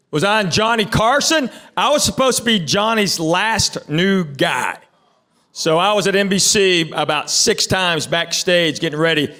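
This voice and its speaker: A man's voice: sits high, pushed and bright. A man from Tennessee, performing a stand-up comedy set and joking casually with the crowd on a theater stage. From Tennessee, USA.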